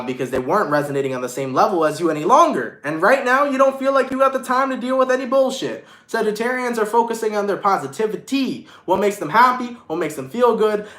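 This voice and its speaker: Slangy, high-voiced man reading tarot live. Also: sharp tone, reverberant. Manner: casual slangy banter, swears, acts out mocking voices. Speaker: tarot reader.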